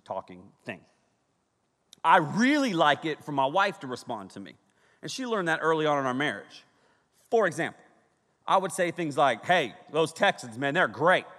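A male pastor preaching in a playful, joking way, acting out little scenes as he talks. His voice sits a bit high and swings widely. It rings out with a long reverb from a large hall. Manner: joking, animated, acts out dialogue. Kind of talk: humorous preaching.

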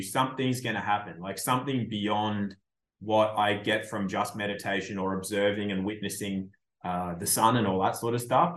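A man hosting a podcast, talking in a blunt, profane, animated way in casual chat. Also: lowish voice, echoey room. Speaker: podcast host.

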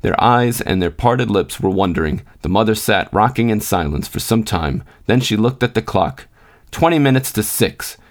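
A man narrating a classic short story for a podcast in a steady, measured reading. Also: on the low side. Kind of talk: scripted narration.

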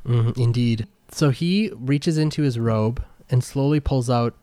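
Halting male game master, dry room. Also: mid-range voice, warm tone, no echo. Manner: rambling, halting narration with many fillers. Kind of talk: narrating a tabletop game.

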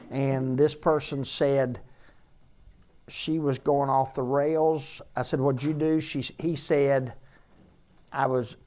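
A man's voice: medium pitch, dark tone. A man, a pastor, preaching a sermon in a conversational way and repeating key phrases for emphasis.

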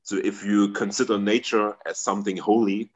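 Man, lowish voice, halting, searches for words, interview guest. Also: little pitch movement. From Germany. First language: German. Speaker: guest, metal band member. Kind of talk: casual interview answers.

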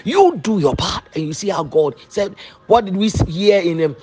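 A woman preacher delivers a sermon with fervent conviction. She repeats each declaration several times and pushes her voice up into shouts to drive a point home. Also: on the low side, lively intonation, moderate pace.

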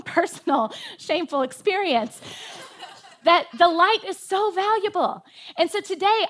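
A woman's voice: high-pitched, pushed and bright. A woman pastor delivering a sermon from a church stage, telling a story with animation and stressing her points with emphasis.

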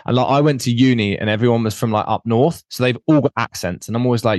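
A young man from England co-hosting a podcast in casual chat over a video call, who says he talks really fast. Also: medium pitch, no echo. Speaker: podcast co-host.

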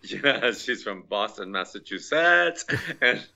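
A man's voice: lowish voice, lively intonation, takes it slowly, gravelly, bright, forceful tone. An older man reminiscing casually about his former restaurant staff, chatty and laughing often, with French words dropped in. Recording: dull lo-fi recording.

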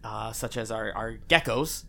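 A man's voice: on the low side, a little slow, creaky, a bit bright, a little hiss or hum. A man narrating as game master of a tabletop role-playing game, talking casually with many restarts.

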